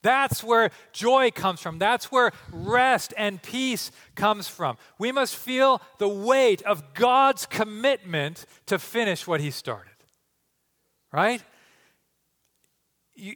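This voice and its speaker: A man preaching a teaching sermon, asking rhetorical questions and at times slowing to a hushed, deliberate delivery. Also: sits high, in a large hall. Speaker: pastor.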